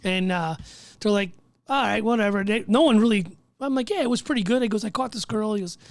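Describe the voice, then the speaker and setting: A man, a firefighter guest, telling his story in casual podcast chat, animated and swearing as he acts out what others said. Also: high voice, fast, no room sound. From Chicago.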